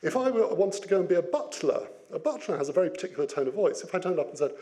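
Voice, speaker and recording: A man giving an interactive business talk, lively and playful, putting questions to his audience. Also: a little high, fast, hardly any pauses. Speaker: business speaker.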